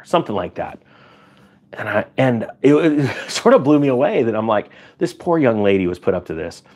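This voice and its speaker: A man recounting an encounter in a casual talk, acting out what others said with big jumps in his voice. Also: breathy edge. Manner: animated storytelling, acts out quoted people with pitch jumps. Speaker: commentator recounting an event. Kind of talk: casual spoken recap.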